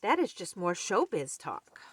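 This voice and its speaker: A woman's voice: fairly low pitch, wildly swooping pitch, measured pace, slightly rough, dry recording, full character voice. A woman voicing an eager, slightly bossy male mole who is a know-it-all friend in a picture book.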